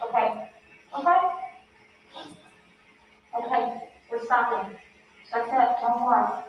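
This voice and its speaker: A woman's voice: a little high, steady tone, takes it slowly, pauses often, slight background noise. Soothing woman in an echoey distant recording. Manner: soothing, coaxing, repeats short pleas to breathe. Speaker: investigator interviewing a hospital patient. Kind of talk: bedside interview recording played in court. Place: hospital room. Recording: echoey, distant, muffled court playback.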